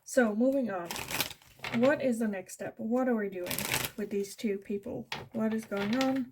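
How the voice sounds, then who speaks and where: A tarot reader with a Dutch accent, originally from the Netherlands, talks through a pick-a-card reading at a measured pace. Her voice sits on the high side, with background noise behind it. She muses aloud, self-corrects, and uses soft fillers.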